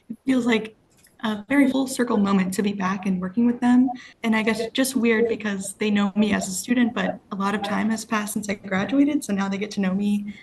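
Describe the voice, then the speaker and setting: A woman's voice: medium pitch, breathy edge. A woman in her twenties, a new work-study staff member, answering podcast interview questions upbeat, with frequent ums. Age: 20s. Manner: upbeat, warm toward the school, with frequent ums.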